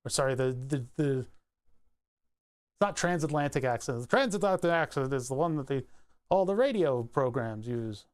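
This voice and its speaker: A man's voice: medium pitch, animated, normal speed. A man with a Philadelphia accent chatting casually on a livestream, rambling through tangents and laughing easily. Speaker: streamer.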